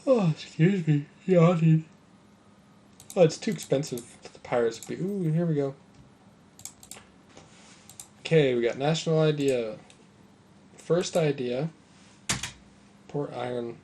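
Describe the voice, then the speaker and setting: A man's voice: mid-range voice, a little slow, long pauses, dark tone. A man casually commenting on a strategy game as he plays, thinking aloud with mild sarcasm. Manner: musing aloud, mildly sarcastic. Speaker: gameplay commentator.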